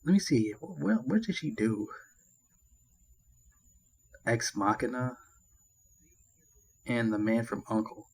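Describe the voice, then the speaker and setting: A man's voice: mid-range voice, big pitch swings, slow pace, creaky, pauses often, husky, low-quality recording. A man giving a casual movie review, rambling and ranting with constant swearing and crude jokes. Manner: crude, profanity-laden rambling; annoyed ranting.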